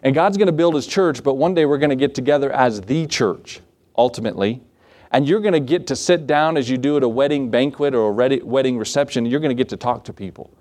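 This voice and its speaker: A male pastor preaching a sermon, animated, often asking the congregation rhetorical questions. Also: mid-range voice, fast.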